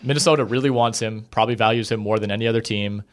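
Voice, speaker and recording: A man co-hosting a podcast breaks down basketball trades in casual, filler-heavy talk full of hedging. His pitch is fairly low and his tone steady, but he's racing through it.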